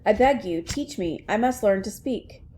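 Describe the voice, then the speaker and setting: A woman's voice: medium pitch, expressive, normal speed, dark tone, slight background noise, lightly acted. A woman voicing an eager young French princess who carefully sounds out English words. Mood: earnest.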